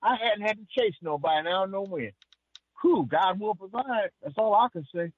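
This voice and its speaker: A man with a husky, somewhat higher voice who jokes and laughs freely, his pitch swinging around lively. The sound is dry and a little muffled, like a radio broadcast. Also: fairly quick, dry recording. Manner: joking and animated, laughs often. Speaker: co-host. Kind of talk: casual chat.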